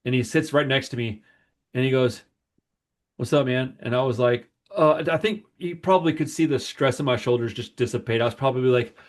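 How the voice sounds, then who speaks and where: Man, podcast host, casual storytelling, animated, rambling. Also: medium pitch, fairly quick. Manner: rambling, animated retelling with quoted voices.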